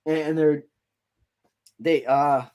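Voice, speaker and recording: A man's voice: fairly high pitch, steady tone, slow pace, a little mellow, clean tone. A man hosting a podcast, casually telling a story in a loose, rambling way full of fillers. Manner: rambling, filler-heavy retelling. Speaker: podcast host.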